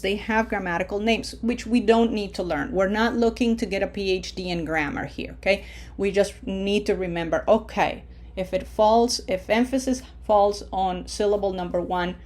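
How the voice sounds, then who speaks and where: A woman teaching a recorded Spanish lesson. She explains the rules patiently, step by step, checks in with "okay?" and says the example words slowly and loudly. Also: mid-range voice.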